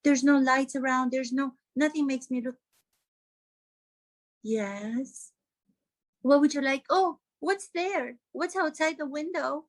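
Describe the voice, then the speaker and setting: A woman voicing a fake-innocent actress in a TV interview, breathy, gasping and over-sweet. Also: high voice, slow, pauses often, voice pushed up. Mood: gushing.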